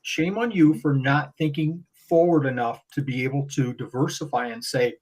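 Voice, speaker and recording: A man talking as a guest on a podcast, animated and rambling, often restarting his sentences. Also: mid-range voice, normal speed, rough recording. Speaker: guest breeder. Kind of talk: casual podcast conversation.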